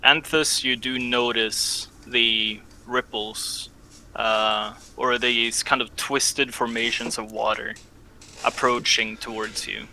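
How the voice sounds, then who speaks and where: A man narrating a tabletop game as game master, often pausing and searching for words. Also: mid-range voice, steady tone, pushed and bright, a little hiss or hum, low-quality recording. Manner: hesitant, searching for words with many fillers.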